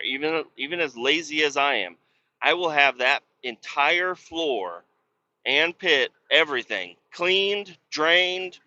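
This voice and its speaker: A man with a fairly high, piercingly sharp voice rants about a coworker, cursing freely and mocking him with exasperation. The recording sounds dull and lo-fi. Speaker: industrial cleaning worker telling a work story. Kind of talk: casual storytelling rant.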